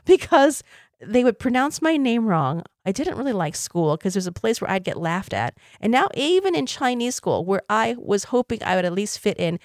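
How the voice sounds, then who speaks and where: A woman's voice: fairly high pitch, no room sound, studio quality. Reflective woman in her fifties. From Taiwan. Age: 50s. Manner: earnest, reflective, with light laughs. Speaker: podcast host. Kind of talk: personal storytelling.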